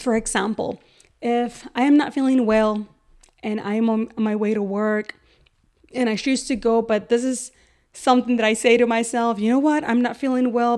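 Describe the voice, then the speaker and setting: A woman's voice: on the high side, darkish tone. A woman hosting a podcast who talks earnestly as a counselor, repeating words for emphasis and acting out little examples. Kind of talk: educational podcast talk.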